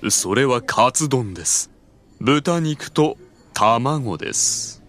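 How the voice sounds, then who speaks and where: A man's voice: medium pitch, lively intonation, unhurried, fairly bright tone. A man voicing a polite male waiter explaining dishes in a scripted lesson dialogue.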